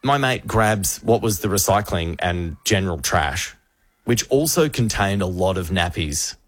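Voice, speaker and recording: A low-pitched man hosts a radio show, recorded dry and close in the studio. He tells his stories with animation and slips into the voices of the people in them. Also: unhurried, dry recording. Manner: animated storyteller, acts out quoted voices. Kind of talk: lively radio banter and storytelling.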